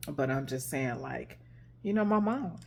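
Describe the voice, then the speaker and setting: A woman's voice: very deep voice, lively intonation, measured pace, gravelly, slight background noise. A woman who works as a life coach, telling a personal relationship story to her camera in a frank, conversational way with plenty of fillers. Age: adult with grown children.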